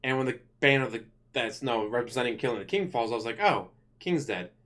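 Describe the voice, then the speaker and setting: A man ranting casually to camera as a channel host, rambling and correcting himself, blunt and quick to swear. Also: medium pitch, fairly even intonation, fairly bright tone.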